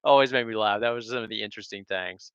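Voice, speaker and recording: A man's voice: fairly low pitch, fast talker, fairly bright tone, clean tone, no echo, dull audio. A middle-aged American man from Texas, hosting a casual sports stream with rambling, enthusiastic digressions. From Texas, USA.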